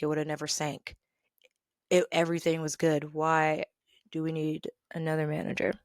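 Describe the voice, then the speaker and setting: A woman hosting a podcast, telling a workplace story in an animated, exasperated way and laughing now and then. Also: on the low side, dry recording, studio quality. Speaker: podcast host. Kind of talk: storytelling rant.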